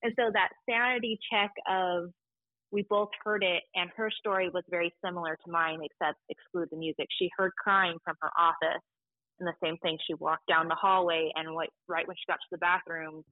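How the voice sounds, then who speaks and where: Chatty library staffer on a tinny line. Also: female voice, lowish voice, moderate pace, dry recording. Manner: chatty, animated retelling with quoted voices. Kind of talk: casual interview storytelling.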